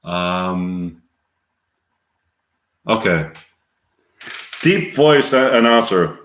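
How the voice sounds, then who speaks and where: A man casually reading voice-acting practice scenes, musing offhand between them and trailing off quietly. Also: sits low, expressive, moderate pace. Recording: roomy echo.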